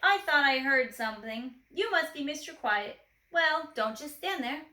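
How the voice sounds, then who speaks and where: A woman's voice: high-pitched, expressive, normal speed, bright, forceful tone, reverberant. A woman voicing a cheerful, kindly man who speaks in a friendly, upbeat way.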